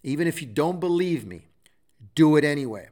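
A man's voice: a little high, animated, fairly quick, darkish tone. A middle-aged man hosting a show, giving a preachy motivational talk full of repeated exhortations. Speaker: show host.

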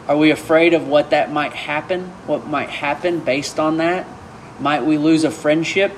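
A man's voice: a little high, a little hiss or hum. A middle-aged man from Arkansas, preaching a sermon with emphatic rhetorical questions. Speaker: pastor.

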